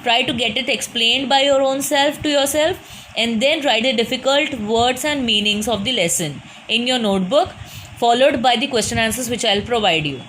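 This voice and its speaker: A woman's voice: a little high, normal speed, fairly bright tone, a little hiss or hum, poor audio. A woman teacher with an Indian English accent reads a story lesson aloud and patiently explains each hard word. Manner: patient, repeats and explains words.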